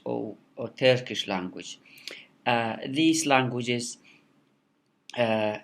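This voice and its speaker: Slow, halting male teacher. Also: on the low side. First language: Kurdish. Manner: halting, many repeated words and fillers. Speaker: English teacher. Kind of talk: recorded lecture.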